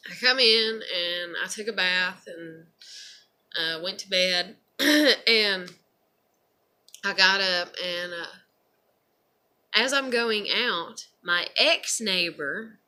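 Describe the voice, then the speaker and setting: A woman's voice: lowish voice, sharp tone. A woman vlogger talking in a profane, meandering monologue with frequent laughs and sighs. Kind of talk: casual rambling monologue.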